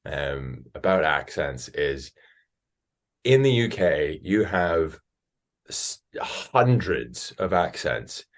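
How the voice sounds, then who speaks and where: An American man from Alaska, an actor, chatting as a podcast guest and telling animated stories. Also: extremely low pitch, slow. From Alaska, USA. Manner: animated storyteller, jumps into quoted voices. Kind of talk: casual interview chat.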